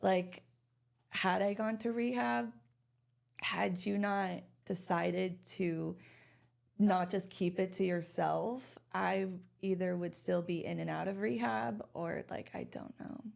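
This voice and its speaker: A woman's voice: lowish voice, steady tone, takes it slowly, creaky, darkish tone. A young woman guest on a podcast, speaking candidly about her past, full of fillers and restarts. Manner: candid, many fillers and restarts, emotional personal story. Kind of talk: casual podcast conversation.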